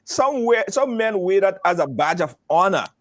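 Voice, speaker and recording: A man hosting a call-in talk show, laughing often and cutting in quickly. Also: sits high, very animated. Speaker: radio show host.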